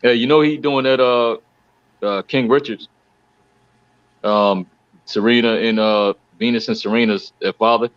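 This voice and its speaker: A man's voice: medium pitch, fairly even intonation, measured pace, long pauses, smooth, no room sound, dull audio. A man co-hosting a casual chat, talking in a laid-back, rambling way.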